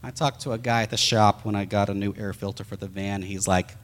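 A man, a pastor, telling a story in a sermon as an animated storyteller who acts out the sounds. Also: lowish voice, fairly quick, in a large hall.

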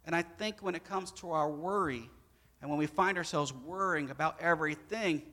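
A middle-aged man delivers a sermon in a high, bright voice. His preaching is animated and rises to loud peaks, then drops to quiet, hushed lines. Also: normal speed. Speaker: pastor.

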